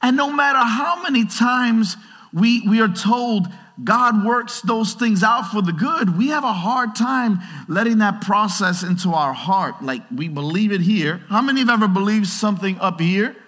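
A man delivers a conversational, lively sermon in a bright, forceful voice that sits a little high for a man. His words ring out through a large church hall with a long reverb. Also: a little slow. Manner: conversational, animated preaching with acted-out quotes. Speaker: pastor.

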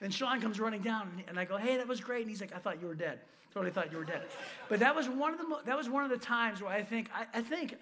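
Fast, high-voiced man telling a story in a sermon. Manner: animated, acts out quoted voices, laughs at himself. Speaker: pastor.

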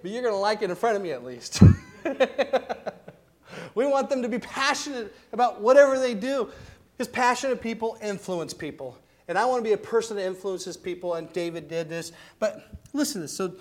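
A middle-aged male pastor preaches with passion, his voice pitched high for a man. He punches key lines loudly, then drops to quiet, earnest asides. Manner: passionate, swinging from loud to hushed. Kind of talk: sermon.

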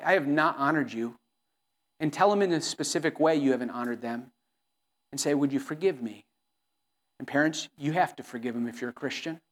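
A middle-aged man preaching a sermon as pastor, earnest and pleading, often restarting his sentences. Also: fairly high pitch.

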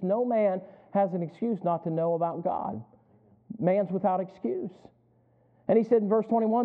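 A man's voice: sits high, animated, moderate pace. A man preaching a sermon in a church, folksy and joking, often quizzing the congregation. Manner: folksy, asks the congregation questions and jokes. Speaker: pastor. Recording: tinny phone-like sound.

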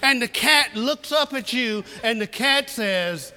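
A man's voice: very high voice, animated, slow, pushed and bright, big-room sound. A man preaching a sermon to a church congregation, telling a folksy, repetitive story with humor. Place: church sanctuary.

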